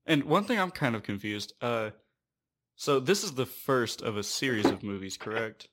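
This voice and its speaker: A man's voice: mid-range voice, sing-song, moderate pace, a bit bright. A man co-hosting a podcast in casual movie chat, easygoing, asking questions and laughing often. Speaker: podcast co-host.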